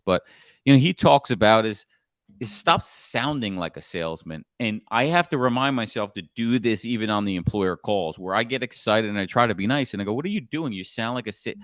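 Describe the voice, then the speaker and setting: Blunt animated middle-aged man. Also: lowish voice, clear, resonant tone, no echo, studio quality. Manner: blunt, animated storytelling with profanity. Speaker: sales coach and podcast host. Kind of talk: casual podcast chat.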